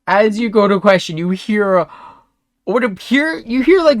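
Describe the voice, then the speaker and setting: A man running a tabletop game as game master, animated and loose, with laughter and swearing. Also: sits high, moderate pace, no echo, clean studio sound.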